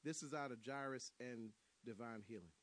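A man's voice: mid-range voice, normal speed, fairly bright tone. A man preaching a sermon, telling stories, repeating and restarting his words and calling out to the congregation.

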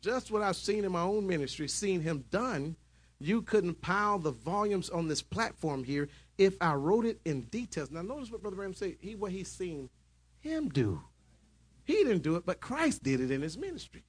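A man preaching a sermon in church, shouting at his peaks and dropping into calmer storytelling. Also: high-pitched, normal speed, husky.

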